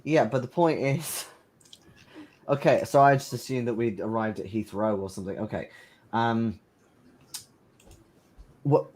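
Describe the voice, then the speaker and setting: A man's voice: mid-range voice, steady tone, a little slow, long pauses, a little mellow. A British man playing a tabletop game, blunt and sweary in casual chat. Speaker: player.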